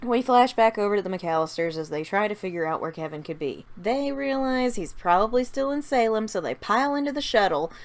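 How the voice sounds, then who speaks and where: A woman's voice: medium pitch, expressive, fairly quick, few pauses. Chatty woman narrating a fan story. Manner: chatty, asides to viewers. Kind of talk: casual retelling of a story idea.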